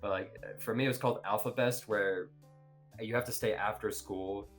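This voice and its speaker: A woman chatting casually as a podcast guest, animated and often breaking into silly high voices. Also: normal speed, faint music behind.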